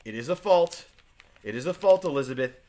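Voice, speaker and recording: A man's voice: mid-range voice, expressive, brisk, dark tone, slight background noise, close to an everyday voice. A man reading an earnest, stubborn farmer. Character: John Proctor, earnest stubborn farmer husband. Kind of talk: reading play aloud to a class.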